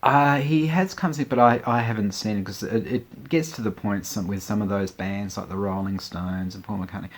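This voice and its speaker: A man's voice: lowish voice, fairly even intonation, moderate pace, hardly any pauses. A man in his forties telling a personal story in a casual, rambling, amused way, with many fillers and asides. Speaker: vlogger.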